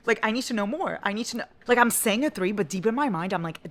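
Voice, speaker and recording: Profane, excitable young man vlogger. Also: sits high, fast talker, hardly any pauses. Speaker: book vlogger. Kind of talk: casual chat.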